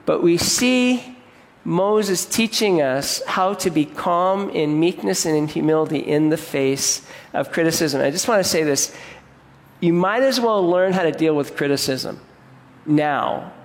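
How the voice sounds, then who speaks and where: An earnest male pastor delivering a sermon in a conversational way, often restarting his words mid-thought. His voice sits a touch high for a man. It rings out with a long reverb in a large hall. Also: measured pace. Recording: echoey hall.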